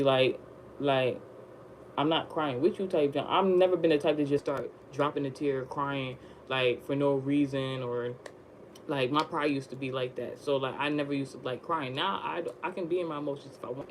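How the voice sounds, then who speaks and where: A woman's voice: slight background noise, poor audio. Slangy woman rambling through a storytime. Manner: rambling, slangy, animated retelling; jumps up high when acting surprised. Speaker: vlogger. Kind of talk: casual storytime.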